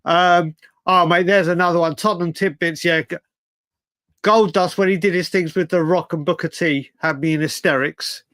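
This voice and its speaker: A man hosting a casual livestream chat, excitable, often laughing and repeating himself. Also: high voice, moderate pace, no room sound. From United Kingdom. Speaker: livestream host.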